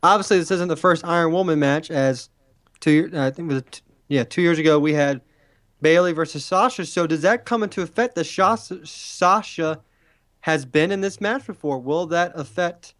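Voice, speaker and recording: A man's voice: on the high side, normal speed, a bit bright, no echo, studio quality. Playful male wrestling podcast co-host. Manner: playful, chatty. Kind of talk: casual wrestling talk.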